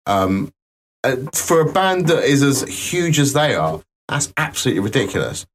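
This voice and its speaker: A man's voice: medium pitch, big pitch swings, normal speed. A man in casual podcast talk, arguing his point with dry jokes. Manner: dry, joking, argumentative. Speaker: podcast co-host, works in IT.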